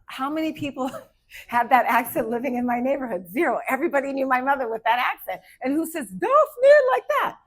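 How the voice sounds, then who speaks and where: A woman in her fifties from Arizona performing a stand-up comedy set, hyper and animated as she tells stories. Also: high voice, quick pace, low-quality recording. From Arizona, USA. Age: 50s.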